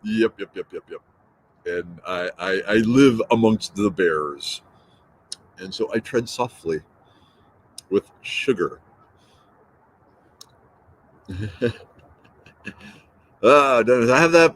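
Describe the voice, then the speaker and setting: A middle-aged man in his fifties hosts a casual early-morning live stream, greeting viewers and answering their comments. He talks in a relaxed, playful way, repeats words and drifts between thoughts. His voice sits in an ordinary middle pitch. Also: poor audio.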